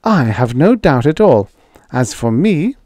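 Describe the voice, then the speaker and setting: A man voicing a sharp-tongued young woman secretary who answers in curt, acid retorts. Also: mid-range voice, very animated, moderate pace, no echo, voice pushed up, lightly acted. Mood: tart.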